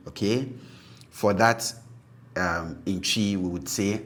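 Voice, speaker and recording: A man with a Ghanaian accent teaching a language lesson, explaining patiently and repeating words slowly with frequent check-ins. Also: sits low.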